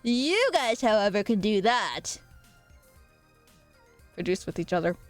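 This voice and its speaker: A woman's voice: mid-range voice, very animated, unhurried, faint music behind. A young woman streaming live, chatting casually with viewers and reading their comments aloud, with a playful, teasing manner and frequent laughter.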